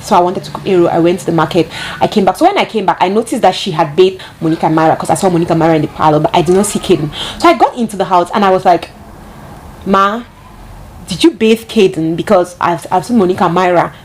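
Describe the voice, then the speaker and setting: A woman tells a storytime to her viewers in an animated, chatty way. She keeps turning to them and calling them guys. There is a faint hiss in the background. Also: on the low side, rapid-fire, few pauses. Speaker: vlogger. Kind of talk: casual storytime chat.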